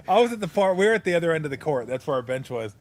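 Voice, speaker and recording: A man hosting a casual podcast, telling stories in a lively way and laughing at his own punchlines. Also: a little high, fast talker, no echo. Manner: animated storyteller, laughs through punchlines. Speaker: podcast host, former NBA broadcaster. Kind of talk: casual storytelling chat.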